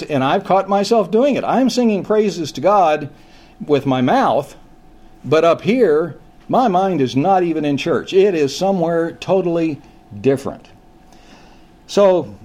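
An older man preaching a conversational sermon as pastor, folksy and halting, with frequent restarts and a slowing, emphatic delivery on key points. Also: on the high side, darkish tone.

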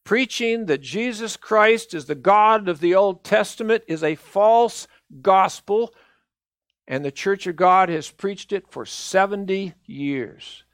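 An older male minister delivers a sermon in an earnest, measured and emphatic way, pressing each point home. His voice sits fairly high for a man. The recording is dry and close, with almost no room sound. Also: fairly bright tone, smooth, dry recording.

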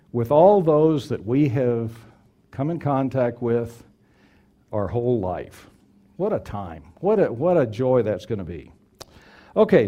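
A man's voice: mid-range voice, mellow. A middle-aged man preaching a sermon, earnest and emphatic, repeating key phrases for weight.

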